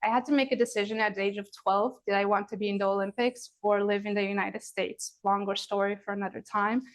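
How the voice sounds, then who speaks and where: A woman in her forties from Romania, a yoga teacher giving a chatty, animated online workshop, demonstrating poses as she talks to viewers. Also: mid-range voice, quick pace. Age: 40s. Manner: chatty, animated, addresses viewers as "you guys"; demonstrating poses while talking.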